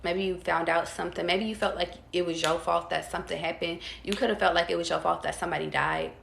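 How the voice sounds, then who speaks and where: Tarot reader, woman, calm and drawn-out delivery, low gravelly voice. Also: echoey room, a little hiss or hum. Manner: calm, drawn-out, talks straight to viewers. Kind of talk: casual tarot reading.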